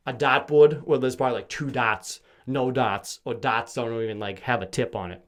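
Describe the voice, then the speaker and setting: A young man rambles through a comedic podcast monologue. He swears often and jumps up and down in pitch as he mimics the people in his stories. His voice sits at an ordinary middle pitch. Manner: profane, animated storytelling with mock-quoted voices. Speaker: podcast host.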